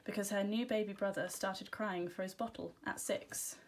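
A woman teacher reads a children's storybook aloud at a normal speed. Her first-person narration is gentle and expressive, delivered at an ordinary middle pitch.

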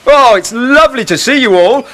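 A man's voice: very high-pitched, lively intonation, normal speed, fairly bright tone. A man presenting a children's TV show, enthusiastic and exclaiming. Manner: enthusiastic, exclaiming, sings along.

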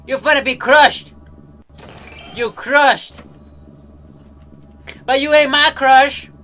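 A young man commentating a game he is playing, yelling in sudden bursts and muttering quietly in between, swearing and joking. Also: very high-pitched, fairly even intonation, takes it slowly, faint music behind. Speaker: gaming commentator. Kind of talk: let's play commentary.

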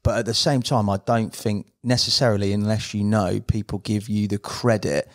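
A man's voice: lowish voice, steady tone, moderate pace. A man hosting a podcast interview, chatting casually and calling his guest mate often. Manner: friendly, says mate a lot. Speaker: podcast host.

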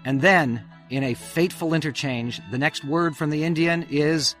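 A man's voice: on the high side, normal speed, hardly any pauses, a bit bright, faint music behind. A man hosting a radio history program, telling the story with emphatic, swelling stresses on key words. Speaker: radio host.

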